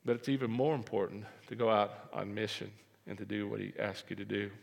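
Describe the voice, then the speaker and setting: A man preaching a sermon as pastor, animated and repeating phrases for emphasis. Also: fairly low pitch, fairly quick, gravelly. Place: church sanctuary. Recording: reverberant hall.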